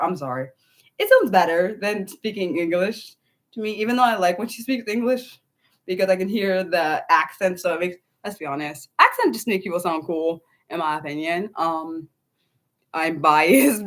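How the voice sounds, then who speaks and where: A young American woman hosts her own unscripted livestream, chatting loosely with viewers and pausing often with ums and restarts. Her voice sits a little low for a woman. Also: a bit bright. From United States. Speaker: livestream host. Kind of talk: casual unscripted livestream chat.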